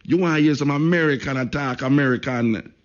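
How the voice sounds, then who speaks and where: On a lo-fi radio broadcast, a Jamaican host talks a little fast at medium pitch. He uses patois and drives his arguments in the studio by repeating phrases for stress.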